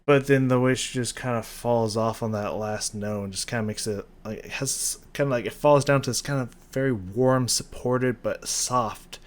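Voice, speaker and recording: A man's voice: mid-range voice, moderate pace, hardly any pauses. A man hosting a music reaction video, breaking down a song casually, with hesitant restarts and rhythms hummed aloud.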